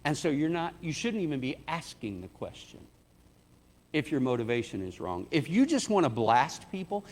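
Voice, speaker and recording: A man preaching a sermon in a conversational way, acting out the quoted lines. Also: a little mellow. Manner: conversational, acts out quotes with rising pitch. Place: church sanctuary. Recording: church hall reverb.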